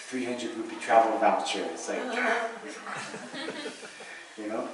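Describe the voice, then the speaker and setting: A man's voice: medium pitch, wildly swooping pitch, unhurried, long pauses, fairly bright tone. A man giving a casual Buddhist dharma talk, chatty and joking, with many asides and fillers. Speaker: Buddhist teacher. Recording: very echoey hall, distant mic, noisy.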